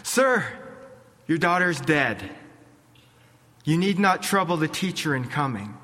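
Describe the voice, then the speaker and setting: A puffing, breathless servant blurting out bad news, as a preacher plays him. His voice jumps high and urgent, with a long echo. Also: very animated, slow pace, sharp tone, exaggerated voice.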